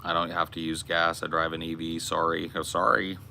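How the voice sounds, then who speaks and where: A man's voice: low voice, level tone, a little fast, creaky, pushed and bright, slight background noise. An American man hosting a casual Q and A, blunt and laid-back, swearing often. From United States. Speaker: podcast host. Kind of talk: casual Q and A with chat.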